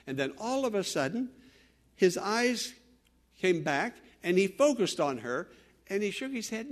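A male pastor preaching a radio sermon, telling personal stories in an earnest way, rising to loud exhortation and dropping to hushed tones. He grew up in Western Pennsylvania. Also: high voice, sing-song, measured pace.

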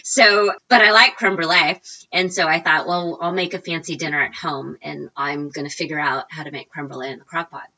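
A woman in her forties telling a lively story as an interview guest, acting out quotes with big jumps in her voice. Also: fairly quick, highs cut off. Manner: animated, acts out quotes with big pitch jumps. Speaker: guest, recipe blogger.

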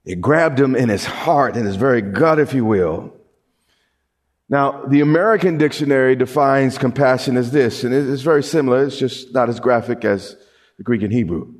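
A man's voice: medium pitch, normal speed. A middle-aged male pastor preaching a sermon, stumbling over restarts and building to emphatic repeated lines.

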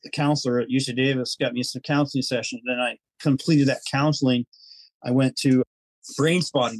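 A man's voice: medium pitch, no room sound, rough recording. A man telling his personal story as a podcast guest, earnest and rambling, acting out his own inner thoughts.

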